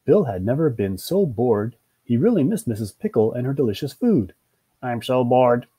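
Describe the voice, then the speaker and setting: Expressive male children's story reader. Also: mid-range voice, moderate pace, slightly rough. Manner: expressive, sing-song storytelling. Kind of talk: read-aloud children's story narration.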